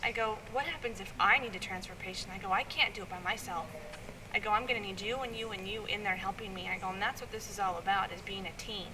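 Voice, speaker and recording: A woman tells a story in an animated way, acting out the people in it as she goes. She is a nurse being interviewed for a documentary. The mic sits some way off, with steady noise behind her. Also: medium pitch, quick pace, distant mic.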